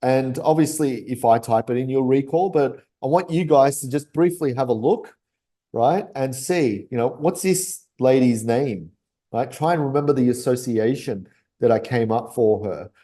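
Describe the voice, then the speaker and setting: A man teaching memory tricks in a loose, conversational way. His voice is warm and mellow. He laughs easily and peppers his points with quick "right?" check-ins. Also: medium pitch. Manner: chatty, keeps asking "right?", laughs often. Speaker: memory coach. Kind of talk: casual teaching talk.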